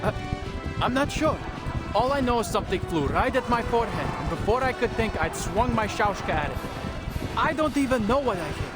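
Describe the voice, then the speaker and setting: A man's voice: sits high, very animated, a little fast, over loud music, pitched above the performer's own voice. A man voicing a clumsy, eager young male soldier recruit who sounds flustered and stammers.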